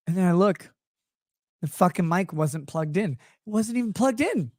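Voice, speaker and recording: A man's voice: sits high, expressive, normal speed, no echo, clean studio sound. A man hosting a livestream, ranting in a rambling, sarcastic and profane way into a desk microphone. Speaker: show host. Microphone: streaming desk microphone.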